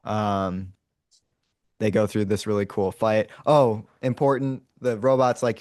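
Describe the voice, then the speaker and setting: A man with a fairly low voice tells a movie's story in a loose, rambling way, stopping to act out lines and roars. He speaks in a small, dry room with no echo. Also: fairly even intonation, a little slow, darkish tone. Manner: rambling, many fillers and restarts. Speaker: podcast host retelling a movie. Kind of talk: casual storytelling to his brother.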